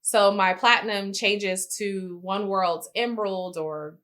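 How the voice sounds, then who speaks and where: A woman co-hosts a travel podcast in easy casual chat. She tells her stories with energy and acts out every line she quotes. Her voice is bright and forceful. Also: medium pitch, slow pace. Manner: animated storyteller, acts out quotes with big swings. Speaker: podcast co-host.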